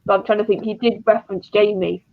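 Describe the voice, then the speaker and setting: A woman's voice: medium pitch, fairly even intonation, fast, creaky. A woman in a casual livestream chat, thinking aloud and often repeating her words. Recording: dull lo-fi mic.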